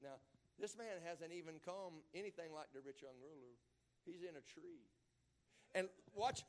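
A man preaching a sermon in a church, emphatic, dropping to low murmurs and then rising to shouted exclamations. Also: moderate pace.

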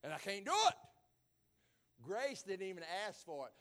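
A man preaching a sermon in a church, emphatic, dropping to low murmurs and then rising to shouted exclamations. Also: sing-song, normal speed, long pauses.

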